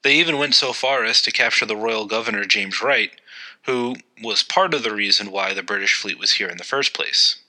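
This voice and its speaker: A male podcast host narrates historical events in a loose, conversational style, dropping in the occasional filler. His voice is fairly low, with a sharp tone and moderate pace, and the recording sounds rough.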